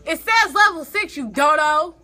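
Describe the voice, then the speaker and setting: A woman's voice: high-pitched, normal speed, sharp tone. A woman playing a video game with a partner, bantering in casual chat and trading teasing comebacks with frequent laughter. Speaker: gameplay co-host.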